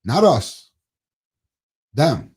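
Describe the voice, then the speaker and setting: A man's voice: mid-range voice, very animated, very slow, darkish tone, husky. A man co-hosting a podcast in casual political chat, swearing freely, laughing often and trailing off into mumbles. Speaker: podcast co-host.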